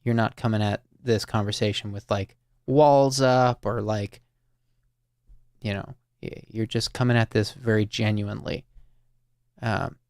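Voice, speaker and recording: A low-voiced man with a gravelly, creaky edge hosts a call-in show. He speaks slowly and reflectively to a caller, often pausing and restarting his sentences. The sound is dry and close. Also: steady tone, dry recording. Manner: slow, thoughtful, with many fillers and restarts. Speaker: host of a listening call-in show. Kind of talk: reflective, gentle conversation with a caller.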